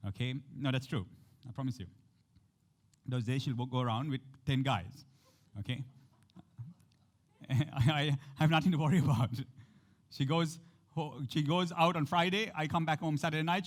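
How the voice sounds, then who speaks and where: A man preaching a sermon, talking straight to his listeners with frequent questions and acting out the quotes in shifting voices. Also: a little high. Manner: speaks to the congregation directly, with frequent questions. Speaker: pastor.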